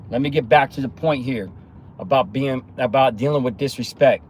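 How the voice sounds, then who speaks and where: A man talking through a motivational monologue, animated and storytelling, with acted-out bits of other people's lines. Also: mid-range voice, a little hiss or hum. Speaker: motivational speaker.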